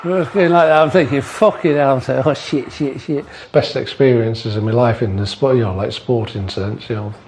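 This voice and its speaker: A man's voice: mid-range voice, steady tone, brisk, few pauses, darkish tone, a little hiss or hum. An older man, a former doorman, telling stories casually at home, plain-spoken and swearing, acting out what people said. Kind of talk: casual storytelling. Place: indoors in a family home.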